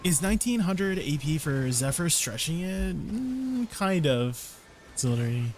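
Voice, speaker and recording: A man's voice: a little high, very animated, unhurried, a little mellow, a little hiss or hum. A man chatting casually while streaming a game, laughing often and trying out foreign words. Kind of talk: casual game livestream chat.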